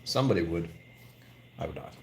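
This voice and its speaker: Animated and brisk, with vocal fry in his low voice and a little hiss or hum in the audio, an American man hosts a whiskey channel livestream from an indoor whiskey bar. He chats casually, jokes, and reads what viewers post.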